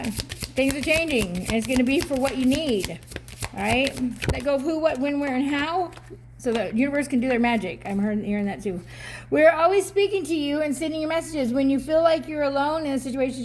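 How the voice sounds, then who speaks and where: A woman's voice: high voice, a little fast, slight background noise. A woman doing a casual oracle card reading, chatty and upbeat, reading card text aloud and laughing often.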